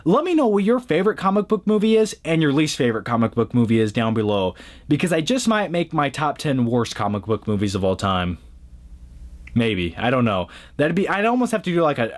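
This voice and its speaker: A man's voice: mid-range voice, very animated, fairly quick. A man hosting a casual top-ten countdown of movies, chatty and joking, often adding fillers as he talks. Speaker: movie review vlogger.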